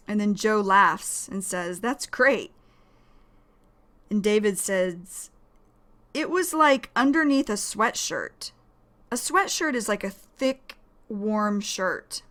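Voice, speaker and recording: Slow, patient woman teaching English. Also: mid-range voice, a bit bright. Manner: explains words slowly, repeating them. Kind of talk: slow, careful vocabulary lesson.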